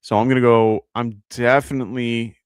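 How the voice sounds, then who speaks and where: A man's voice: medium pitch, flat delivery, moderate pace, clean tone, dry recording, studio quality. A man with a New York accent hosting a live fantasy football show, chatting casually, thinking aloud with fillers and reading out viewer questions. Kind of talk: live-stream fantasy advice chat.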